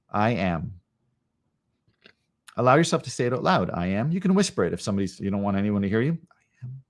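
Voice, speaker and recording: A man, an educator, guiding a live meditation lesson in a calm, unhurried way, with long pauses and slowly repeated short phrases. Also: lowish voice. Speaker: educator leading a live session. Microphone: live stream setup.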